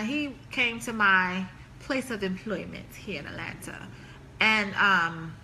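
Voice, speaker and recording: A woman's voice: a little high, bright, forceful tone, slight background noise. A woman hosting a live relationship stream, chatting casually and laughing as she reads viewer comments aloud.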